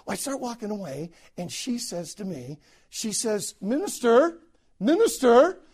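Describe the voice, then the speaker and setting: A man's voice: sits high, expressive, moderate pace, slightly rough. American pastor guy preaching a story, voice swoops up and down a lot, keeps restarting his words. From United States.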